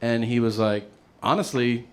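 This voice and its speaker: A male stand-up comedian telling a story, acting out the people in it in an animated way. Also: medium pitch, moderate pace. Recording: noisy played-back clip.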